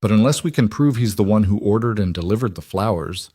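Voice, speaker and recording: A careful young police officer talks in a measured, official manner, voiced by a man narrating the story. His voice is on the low side, with a close, dry sound. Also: lively intonation, dark tone, slightly rough, no room sound.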